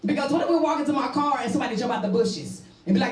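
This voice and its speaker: A brash woman stand-up comic working a live crowd with bawdy, loud punchlines. Her voice sits high, and it sounds roomy and a bit far from the mic. Audience laughter rises all around her. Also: very fast. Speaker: stand-up comedian. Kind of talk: stand-up comedy set. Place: stage before a live audience.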